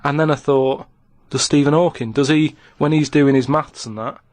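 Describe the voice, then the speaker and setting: A man on a comedy chat show, explaining himself in a halting, hesitant way. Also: on the high side, steady tone, a little mellow, dry recording. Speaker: regular on the show, diary writer.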